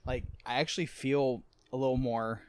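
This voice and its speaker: A man's voice: medium pitch, fairly even intonation, moderate pace, clean tone. A man chatting casually as a podcast co-host, talking eagerly and teasing his friend. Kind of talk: casual chat.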